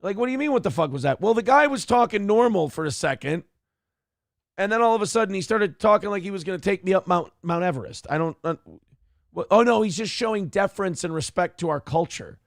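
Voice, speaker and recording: A man's voice: sits high, expressive, a little fast, gravelly, no echo, clean studio sound. A man from Minnesota hosting a casual commentary show, ranting sarcastically and swearing freely. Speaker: host.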